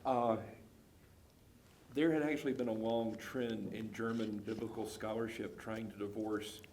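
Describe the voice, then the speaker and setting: A man's voice: fairly low pitch, steady tone, measured pace, darkish tone, slight background noise. A man, a pastor interviewing a guest, asking pointed, leading questions.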